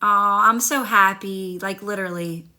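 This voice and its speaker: A woman with a medium-pitched, sharp-toned voice talks at normal speed. As a manifestation coach on a phone livestream, she keeps things upbeat and encouraging, chatting casually and replying to viewer comments.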